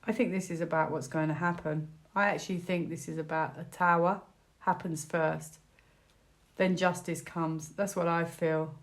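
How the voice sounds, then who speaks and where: Rambling, lowish-voiced British woman. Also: fairly even intonation, normal speed. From United Kingdom. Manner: rambling, chatty, many fillers. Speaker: tarot reader. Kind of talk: casual tarot reading vlog.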